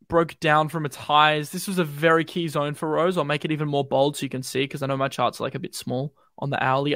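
This young Australian man, a crypto streamer, talks live while walking through trading charts. His higher-pitched voice is relaxed, quick and slangy, rambling along with many fillers, recorded at studio quality with no echo.

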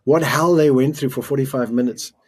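A man's voice: mid-range voice, fairly quick, darkish tone, breathy edge. A middle-aged man from South Africa, a guest telling an emotional story in earnest, often restarting his sentences. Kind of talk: storytelling in a podcast interview.

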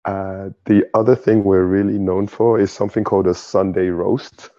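Heard on a dry, dull recording, a young man from London talks in a low, mellow voice with flat delivery at normal speed. He's a guest in a casual conversation, laughing often, his British accent touched by Nigerian inflections.

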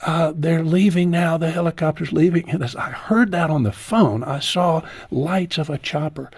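A man in his sixties, a guest in an interview, telling a heartfelt personal story slowly, his voice falling low and soft at painful moments. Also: husky, no room sound.

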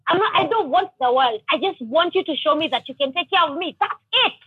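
A woman's voice: high voice, lively intonation, fast, highs cut off. A woman calling in as a guest on a casual podcast chat, blunt and outspoken, swearing freely. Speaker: guest on the phone.

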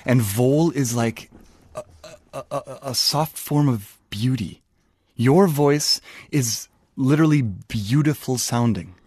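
A man co-hosting a podcast in casual chat, slowly explaining what words mean as he goes. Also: mid-range voice, darkish tone, slightly rough, no echo. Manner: thoughtful, explains word meanings slowly. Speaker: podcast co-host.

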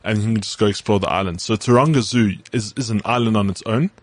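A man from South Africa co-hosting a podcast, relaxed and anecdotal in casual chat. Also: on the low side, fast. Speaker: podcast co-host.

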